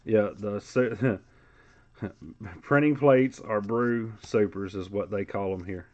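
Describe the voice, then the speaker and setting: A man's voice: fairly low pitch, slow pace, a little mellow, lo-fi sound. A man hosting a live sports card break, calling out player names in a casual, chatty way.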